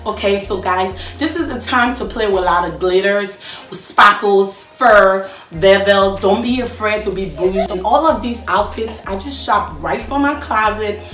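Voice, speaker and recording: A woman vlogger giving an energetic channel intro, talking straight to her viewers. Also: medium pitch, distant mic. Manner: energetic, addresses viewers directly. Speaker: lifestyle vlogger. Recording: roomy echo, from away from the mic, faint music.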